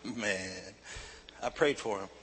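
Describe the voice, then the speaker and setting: A man preaching a sermon, telling his own story in a confessional way that builds to loud, shouted preaching. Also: lowish voice, slow, slight background noise. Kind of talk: sermon testimony.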